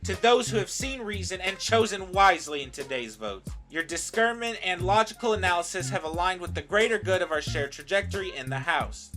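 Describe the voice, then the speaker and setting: A man's voice: high voice, sharp tone. A man voicing a cold boy genius who lectures in formal, pompous words.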